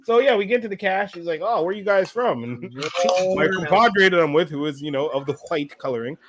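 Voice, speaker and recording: Podcast guest, male, slightly high voice, laid-back, crowd noise behind. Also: lively intonation, fairly quick. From Canada. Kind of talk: casual chat.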